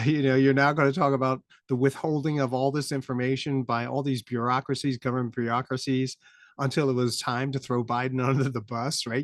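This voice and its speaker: A dry-voiced podcast host rants through casual political commentary, rambling and letting out wry laughs of disbelief that build to incredulous peaks. His mid-range voice keeps a level tone at a fairly quick pace, with no echo.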